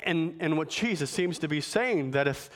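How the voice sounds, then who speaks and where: A man preaching a sermon, building to emphatic, forceful points. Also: fairly high pitch, animated. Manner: emphatic preacher, rising to forceful climaxes, slow deliberate phrasing. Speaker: pastor.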